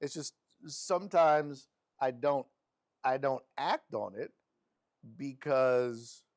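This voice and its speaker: A man hosting a sports live stream, reading viewer messages aloud in an animated, affectionate way. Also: slow pace. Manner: animated and affectionate, with frequent laughs and pitch jumps.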